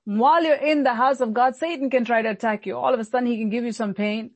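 A woman pastor delivering an earnest sermon, slowing down and repeating lines for emphasis. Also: on the high side, steady tone, no echo, highs cut off. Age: adult, recalls childhood many years ago.

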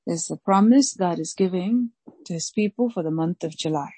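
A woman pastor preaching a sermon slowly and emphatically, repeating key phrases and reading scripture aloud. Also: on the low side, dark tone, slightly rough, dry recording, low-quality recording. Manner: slow, emphatic preaching with deliberate repetition.

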